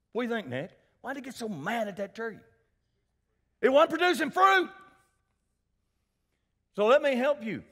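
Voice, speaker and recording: A male pastor preaches with animation inside a church sanctuary, drawing responses from the congregation and addressing individuals by name. His voice sits high and sounds husky.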